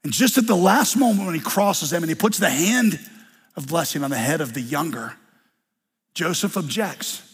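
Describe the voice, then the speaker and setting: A man's voice: a little high, expressive, normal speed, slightly rough. A male pastor preaching a sermon, wry and conversational as he retells scripture. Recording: long hall reverb.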